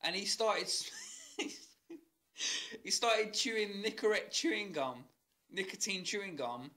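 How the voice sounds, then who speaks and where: A man's voice: sits high, takes it slowly, sharp tone. A man co-hosting a casual podcast chat, telling sweary anecdotes and often laughing. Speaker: podcast co-host.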